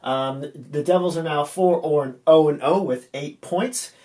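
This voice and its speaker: Halting man recapping hockey scores, hoarse. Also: on the high side, mellow. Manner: halting, many ums and restarts, offhand asides. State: voice getting tired and hoarse. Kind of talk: casual unscripted game recap.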